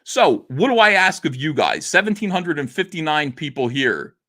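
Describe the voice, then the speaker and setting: A man hosting a comics livestream, talking in a theatrical monologue that swings between quiet and loud, with frequent laughs. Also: on the high side, big pitch swings, normal speed.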